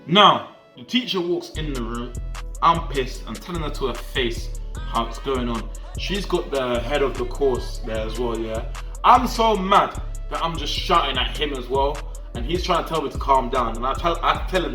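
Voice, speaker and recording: A young man telling a story in an animated, slangy way, often checking that the listener follows him. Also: mid-range voice, moderate pace, echoey room, soft background music. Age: young adult. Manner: animated slangy storytelling, often asking the viewer "do you get what I'm trying to say". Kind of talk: casual storytime vlog.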